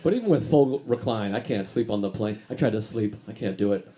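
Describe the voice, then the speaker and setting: A man's voice: lowish voice, animated, fairly quick, background noise. A man doing a stand-up comedy set on stage, talking in a dry, grumpy, self-deprecating way. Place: comedy stage before a live audience.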